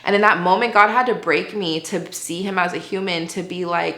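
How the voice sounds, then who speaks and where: A woman's voice: fairly low pitch, steady tone, moderate pace, few pauses, bright, forceful tone, echoey room. A woman giving an earnest, conversational faith testimony as an interview guest, often saying "like". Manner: earnest, conversational, heavy use of "like".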